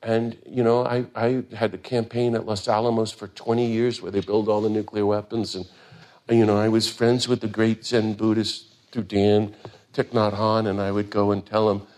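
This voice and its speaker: An older man giving an earnest, impassioned talk, climbing to emphatic peaks and then dropping quiet. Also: on the low side, flat delivery, normal speed. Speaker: speaker on nonviolence.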